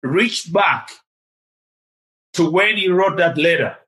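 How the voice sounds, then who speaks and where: Older man, storyteller, animated, fairly high voice. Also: slow, rough recording. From Tanzania. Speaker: guest. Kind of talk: storytelling in an interview.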